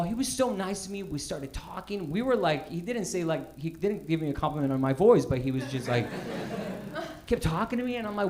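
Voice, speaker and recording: A man doing stand-up, telling a self-mocking story in an animated way and acting out what people said. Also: on the high side, moderate pace, noisy background. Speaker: stand-up comedian.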